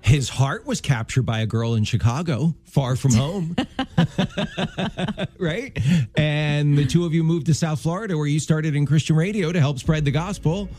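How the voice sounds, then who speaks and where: Guy cohosting morning radio, kinda high voice, jokey storyteller, studio mic. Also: normal speed, mellow, no echo, faint music behind. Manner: jokey storyteller, loose and chatty. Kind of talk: casual morning show banter. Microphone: studio microphone.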